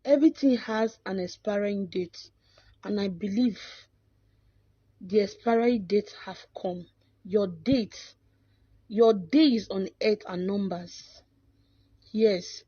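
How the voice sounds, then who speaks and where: A woman's voice: mid-range voice, slow pace, long pauses, breathy edge, no room sound. A Nigerian woman with a Nigerian accent, lamenting angrily and calling on God. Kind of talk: emotional monologue in Nigerian Pidgin. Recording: dry, dull lo-fi recording.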